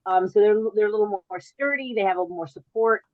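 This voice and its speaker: A woman's voice: medium pitch, quick pace, no echo, phone-quality sound. A woman comedian doing a rambling stand-up set over a video call, often stopping and restarting her sentences and laughing at her own jokes. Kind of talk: stand-up set on a virtual show.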